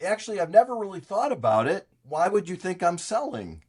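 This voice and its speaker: Brief: older man acting out a wary business owner, hesitant, pitched up. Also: very animated, brisk, darkish tone, breathy edge, heavily acted. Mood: puzzled. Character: puzzled male business owner on phone.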